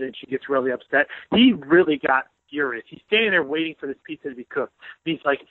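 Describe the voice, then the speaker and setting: A man's voice: mid-range voice, lively intonation, fast talker, dry recording. A man who is a sports columnist, telling jokey stories in casual podcast chat over the phone. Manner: boisterous, joking storyteller. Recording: tinny phone line.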